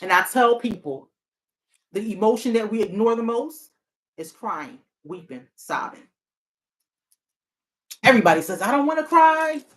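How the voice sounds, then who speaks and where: A woman speaking as a therapist and hotline counselor in a casual, reflective monologue. She talks earnestly and circles back on her key phrases to drive them home. Her pitch sits in the middle range for a woman. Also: expressive, measured pace, pauses often.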